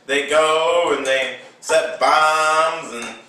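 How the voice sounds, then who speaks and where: A man's voice: on the high side, drawn-out words, sharp tone, heavy reverb, far from the mic, low-quality recording. A man casually recapping a film with toy figures, rambling with lots of fillers.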